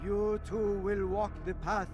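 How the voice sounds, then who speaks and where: An actor playing an entranced, brainwashed male cult follower who speaks slowly and ominously. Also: high-pitched, little pitch movement, music in the background. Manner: slow, dreamy, ominous.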